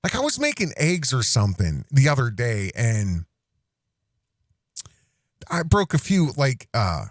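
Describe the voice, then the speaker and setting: A man's voice: medium pitch, wildly swooping pitch, a little slow, long pauses, no room sound, studio quality. A man hosting an online commentary show, talking in a rambling, self-interrupting way with many restarts and asides. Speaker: host.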